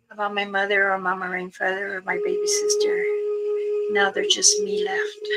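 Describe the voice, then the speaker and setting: An older woman talking casually with viewers on a live stream, in a gentle, wandering way, with soft words that trail off. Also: mid-range voice, low-quality recording. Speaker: livestream host answering viewers. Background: music playing in the background.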